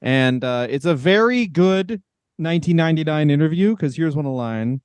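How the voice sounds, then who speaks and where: Brief: male podcast co-host, crude quick-witted banter, fairly high smooth voice, dry close sound. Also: animated, darkish tone, no echo. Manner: crude, jokey, quick riffing. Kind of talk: casual comedic podcast banter.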